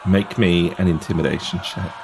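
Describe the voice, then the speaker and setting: A man's voice: sits low, fairly even intonation, normal speed, crowd noise, noisy background. A man narrating a tabletop game as game master, with vivid description.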